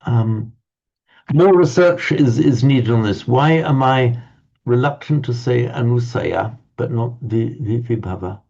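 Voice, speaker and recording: A man teaching a Pali class, talking in a halting, thoughtful way with many restarts, on a dull lo-fi recording. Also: mid-range voice, a little mellow.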